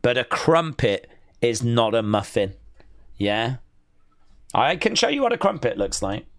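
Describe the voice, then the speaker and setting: Man, English accent, live-stream host, playful teasing banter, slow delivery, dry close sound. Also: mid-range voice, very animated, a bit bright, no echo. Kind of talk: casual live-stream chat, reading viewer comments.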